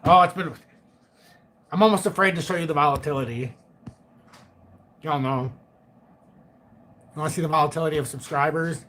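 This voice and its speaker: A man's voice: a little high, normal speed, long pauses, a bit bright. A middle-aged man hosting a live chat stream, joking, laughing often and swearing casually. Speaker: livestream host.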